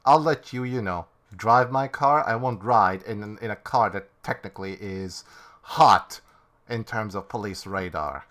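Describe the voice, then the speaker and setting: A man's voice: on the low side, measured pace, fairly bright tone. A man voicing an arrogant, rude male government agent who talks down to others. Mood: smug. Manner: condescending.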